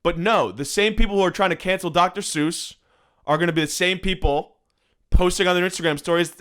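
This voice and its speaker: In this solo comedic rant, a young adult podcast host swears freely and drips sarcasm, recording on his phone at home. His voice is high-pitched, smooth and fairly bright, with a fairly quick delivery.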